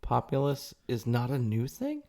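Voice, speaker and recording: A man's voice: medium pitch, huge pitch swings, normal speed, a little mellow. A man co-hosting a casual history podcast, tossing in dry, wry questions and asides. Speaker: podcast co-host.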